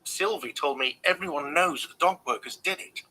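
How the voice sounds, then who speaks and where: A man's voice: fairly high pitch, normal speed, pushed and bright, husky, low-quality recording. A man voicing a grumpy, irritable middle-aged male hostel manager in a video game, curt and defensive. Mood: grumbling. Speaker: game character.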